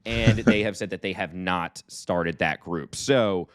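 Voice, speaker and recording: A man's voice: sits low, a little slow, a bit bright. A young man co-hosting a casual podcast, rambling and joking at his own expense. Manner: rambling, self-deprecating, joking. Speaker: podcast co-host.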